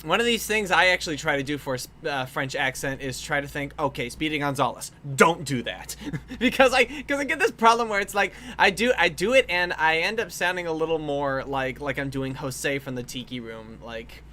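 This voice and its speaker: A woman's voice: low voice, lively intonation, a little fast, pushed and bright. A woman in casual chat among friends, playful and always trying out voices and accents. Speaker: podcast host.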